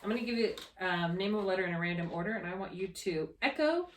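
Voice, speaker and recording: A woman tutoring a child in reading, encouraging, patient and gently correcting. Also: medium pitch, lively intonation, fast. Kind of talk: one-on-one tutoring session. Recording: far-off mic in an echoey room with faint noise.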